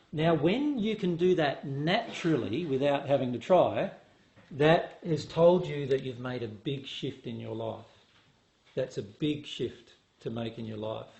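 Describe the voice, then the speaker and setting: A man's voice: on the high side, darkish tone. A man speaking as a spiritual teacher to an audience, asking them questions and acting out voices to make his points. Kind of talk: talk to an audience. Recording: echoey room with faint noise.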